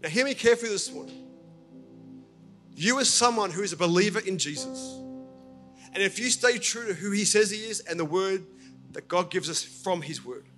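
A male pastor preaches earnestly, speaking straight to his listeners in a fairly high voice. He delivers his sermon at a church service while soft music plays faintly behind him. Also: animated, moderate pace. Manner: earnest, storytelling, appealing directly to listeners. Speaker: senior pastor.

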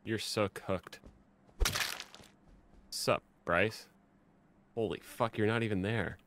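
A man streaming a game and chatting casually with friends, swearing and reacting quickly. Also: fairly low pitch, fairly even intonation. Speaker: gaming streamer. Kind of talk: casual gaming chat with friends. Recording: faint background noise.

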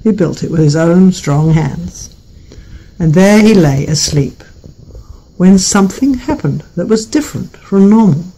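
Gentle high-voiced male storyteller. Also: animated, rough recording. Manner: gentle, unhurried and playful. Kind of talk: told folk tale.

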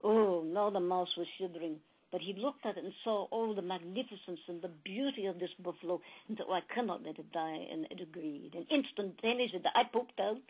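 A woman telling a spiritual parable in a gentle, emphatic, repetitive storytelling manner. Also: on the low side, fairly quick, few pauses, slightly rough. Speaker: spiritual channeler. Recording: tinny phone-like recording.

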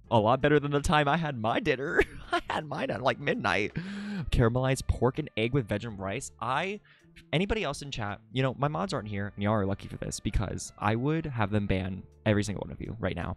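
A man streaming live and chatting casually with his viewers in a playful, dramatic way, from his room at home. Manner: playful, dramatic, swings to high squeaky jokes. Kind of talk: casual livestream chat with viewers.

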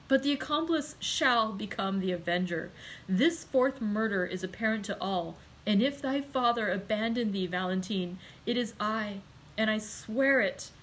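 A woman's voice: mid-range voice, a little hiss or hum, lightly acted, poor audio. Storybook reading: a woman doing a grief-stricken, fervent young man. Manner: impassioned, pleading. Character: passionate grieving young man.

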